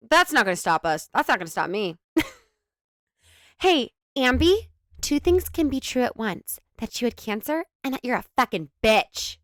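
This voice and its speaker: Sarcastic woman, lively high voice. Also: a little slow, pauses often, no echo, clean studio sound. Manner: sarcastic, swears freely, giggly. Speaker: reaction video host. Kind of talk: commentary reacting to a clip.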